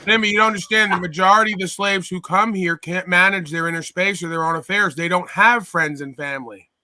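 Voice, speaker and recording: A man's voice: sits high, steady tone, fairly quick, pushed and bright, slight background noise. A man holding forth in a live audio room, lecturing dismissively about the people who drop in.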